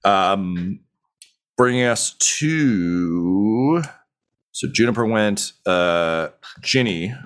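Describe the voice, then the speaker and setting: A young man narrating a tabletop game as game master, halting with many ums and uhs. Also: fairly low pitch, expressive.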